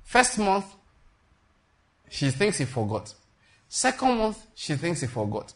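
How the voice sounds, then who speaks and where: A man's voice: high-pitched, wildly swooping pitch, slow. A man preaching a sermon in an emphatic, repetitive style, calling out to his congregation. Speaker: pastor.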